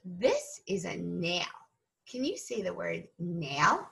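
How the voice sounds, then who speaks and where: A woman teacher leading an early-reading lesson for young children, slow and patient, stretching out each sound. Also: lowish voice, very animated, vocal fry, fairly bright tone.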